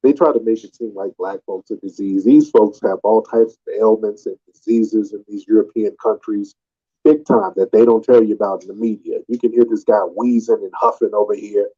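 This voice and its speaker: A warm, husky male voice, fairly low with fairly even intonation, moves at a moderate pace. He's hosting a live call-in audio room, needling callers mockingly and repeating questions in combative talk over muffled lo-fi audio.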